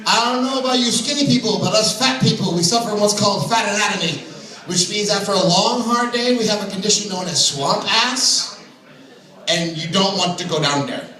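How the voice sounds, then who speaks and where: At an open mic in a small comedy venue with an audience, a young man tells self-deprecating stories with chatty asides. His voice is high, pushed and bright, and fairly quick, recorded from far off in an echoey room.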